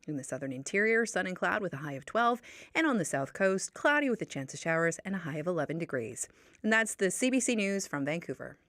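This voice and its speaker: A woman's voice: on the low side, very animated, fast talker, fairly bright tone, no echo. Canadian woman w a slight aussie twang, reads radio news, dry close studio sound. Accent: Canadian with a slight Australian twang. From Canada (British Columbia). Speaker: newsreader. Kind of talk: radio news reading, then casual chat. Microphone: studio microphone.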